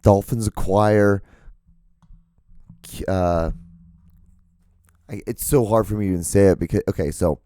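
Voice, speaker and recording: A man hosting his own show in a casual, rambling monologue, with a hoarse, cracking voice. He swears freely and his voice jumps high when he gets worked up. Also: a little slow, long pauses, no echo. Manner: profane, excitable, voice jumps high when ranting. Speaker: podcast host. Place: home setup with lights and camera. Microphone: studio microphone.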